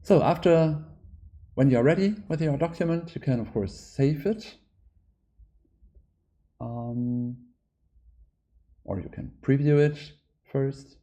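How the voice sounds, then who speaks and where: A man with a German accent, a native German speaker, walking through a software tutorial in a hesitant way with many filler sounds. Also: medium pitch, slow, pauses often. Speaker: app developer giving a tutorial. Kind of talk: screen-recorded software walkthrough.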